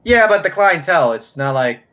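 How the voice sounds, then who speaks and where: Rambling, relaxed man. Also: fairly high pitch, moderate pace, muffled recording. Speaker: guest. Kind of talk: casual chat.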